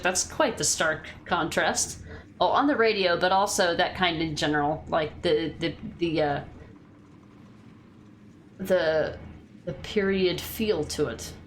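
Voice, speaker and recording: A woman's voice: fairly low pitch, a little hiss or hum. Chatty, foul-mouthed woman streamer. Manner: chatty, swears freely, reads chat aloud. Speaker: game streamer. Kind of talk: casual gameplay commentary.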